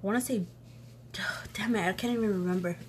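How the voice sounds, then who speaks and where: A young woman vlogger telling a personal story in casual chat, sniffly and sneezing from allergies, animated and full of quoted back-and-forth. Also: medium pitch, a little fast, slight background noise. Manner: chatty, animated retelling with quoted voices.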